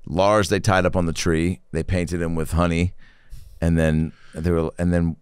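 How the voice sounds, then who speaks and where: A man's voice: sits low, flat delivery, moderate pace, clear, resonant tone, dry recording, clean studio sound. A man casually recapping a movie with a friend, laid-back and profane, often slipping into silly voices.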